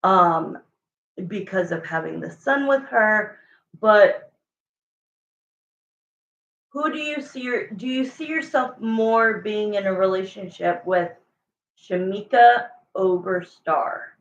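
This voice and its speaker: Slow-talking woman reading tarot, roomy sound. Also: mid-range voice, fairly bright tone, dull audio. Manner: thinks aloud while pulling cards, repeats questions to the cards. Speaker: tarot reader.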